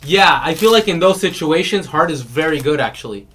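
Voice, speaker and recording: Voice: medium pitch, expressive, fairly quick, a bit bright. Chatty card break host, noisy stream. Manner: chatty, laughs often, retells comedy bits. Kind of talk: casual live-stream chat.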